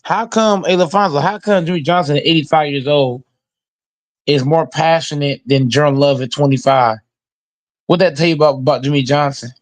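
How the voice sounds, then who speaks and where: A man's voice: fairly high pitch, moderate pace. Profane, fired-up man ranting about football. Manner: profane, emphatic, repetitive. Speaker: host reacting to football news. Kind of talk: casual sports rant.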